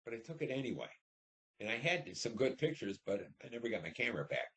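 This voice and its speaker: A man's voice: mid-range voice, sing-song, quick pace, fairly bright tone. A man in his seventies, a veteran, telling his war memories in a rambling, blunt and profane way, with many restarts. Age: 70s. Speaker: veteran recounting war service. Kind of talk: oral history storytelling.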